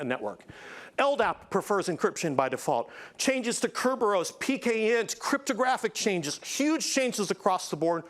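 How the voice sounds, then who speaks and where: A man giving an energetic tech conference presentation, swinging between hype and plain explanation. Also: fairly high pitch. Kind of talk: keynote-style tech presentation.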